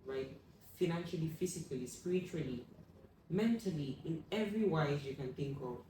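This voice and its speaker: A young adult woman telling a personal story as an interview guest, acting out what people said with sudden loud high bursts. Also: normal speed, far from the mic. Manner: animated, acts out quoted voices with sudden loud high bursts. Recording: echoey room, voice from off the mic, faint room hum.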